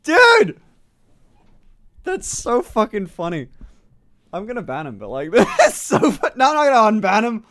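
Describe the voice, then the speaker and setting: A man streaming casually to his chat, swearing freely, laughing often and breaking into loud excited outbursts. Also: high-pitched, a little fast. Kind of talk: casual live-stream reaction.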